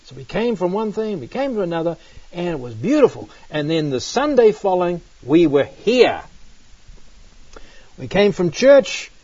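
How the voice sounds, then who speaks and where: Middle-aged New Zealand man preaching in a church, husky, lively storyteller, dull lo-fi recording. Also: high voice, normal speed, dry recording. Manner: animated, exclaiming "man" often. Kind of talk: sermon with personal storytelling.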